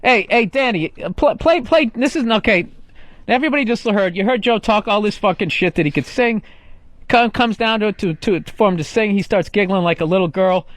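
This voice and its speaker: A man's voice: high voice, a little fast, fairly bright tone, no echo. A man in his thirties hosting a comedy radio show, needling his co-host in a sarcastic, profane way. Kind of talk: bickering comedy radio banter.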